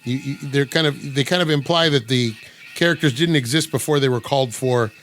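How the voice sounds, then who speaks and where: A man's voice: mid-range voice, brisk, a bit bright, slight background noise. A man from the United States hosting a casual podcast chat, rambling with many fillers and restarts. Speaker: podcast host.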